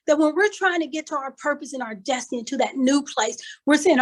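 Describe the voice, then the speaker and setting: Heard over a video call on a rough recording, an older conference speaker from Kansas City, USA, delivers a motivational talk. She speaks at a normal speed in a high-pitched voice, telling a story with preacher-like emphatic, repeated phrases.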